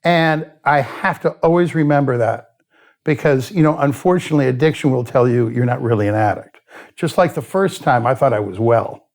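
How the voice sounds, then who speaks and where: A man's voice: mid-range voice, brisk. A man, a guest in an interview who tells his story candidly, bluntly and with a lot of swearing, and sometimes laughs at himself. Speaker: addiction expert guest.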